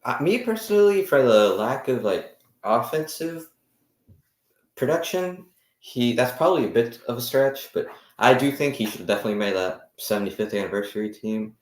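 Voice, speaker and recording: A young man co-hosting a casual sports podcast, energetic and running the segments. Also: medium pitch, normal speed. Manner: energetic, runs the segments, lets out loud whoops. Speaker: podcast co-host. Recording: echoey room.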